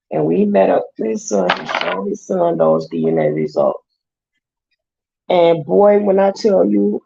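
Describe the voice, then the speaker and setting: Gravelly-voiced woman telling a story. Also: fairly low pitch, dull audio. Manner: animated retelling with quoted voices. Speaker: vlogger. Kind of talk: casual storytelling chat.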